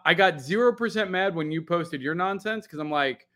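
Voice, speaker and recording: A man co-hosting a podcast in casual chat, telling a long animated story full of "like" and casual swearing. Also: high-pitched, moderate pace, few pauses. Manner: animated, rambling storyteller with lots of "like". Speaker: podcast co-host.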